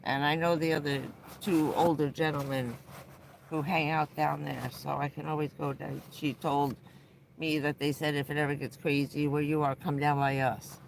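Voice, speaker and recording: A woman live-streaming casual chat from inside her parked van at night, blunt and quick to swear, alternately scolding and soothing her dog. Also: low voice, little pitch movement, vocal fry, slight background noise. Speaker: livestreaming van dweller.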